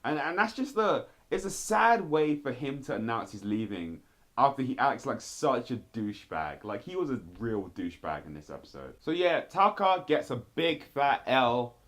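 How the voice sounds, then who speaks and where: Guy doing a show review vlog, animated and blunt, voice jumps high a lot, middle pitch. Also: moderate pace. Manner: blunt, addresses people directly. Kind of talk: casual commentary video.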